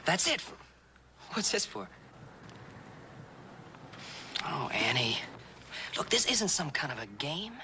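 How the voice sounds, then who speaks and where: An earnest young cowboy in a 1960s TV western, coaxing and patient as he teaches signs. The voice sits a touch high for a man. It comes through a noisy vintage soundtrack. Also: very animated. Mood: frustrated. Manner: patient, coaxing, speaks slowly and gently. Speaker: actor in a western TV drama. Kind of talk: 1960s TV drama acting.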